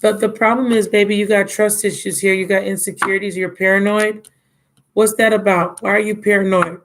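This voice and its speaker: A woman's voice: mid-range voice, little pitch movement, brisk, poor audio. Tarot reader on a live stream: a worn-out woman, blunt and casual, with pet names for the viewer. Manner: casual and blunt, calls listeners baby and my love. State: drained and yawning.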